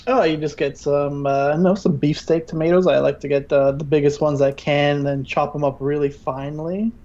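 A man's voice: a little high, fairly even intonation, moderate pace, darkish tone, dull audio. Playful man in a mock cooking demo. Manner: playful, hesitant with many fillers. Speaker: podcast guest. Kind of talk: mock cooking-show demonstration.

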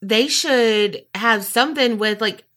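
A woman's voice: fairly high pitch, takes it slowly. A woman co-hosting a casual true crime podcast, reacting with outrage, swearing and acting out quotes. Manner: animated, swears, acts out quotes. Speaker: podcast co-host.

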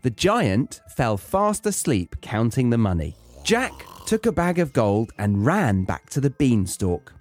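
A man's voice: medium pitch, darkish tone, no echo, studio quality. Wry British man reading a story. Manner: wry, joking asides. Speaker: podcast host. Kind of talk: story reading with comic commentary.

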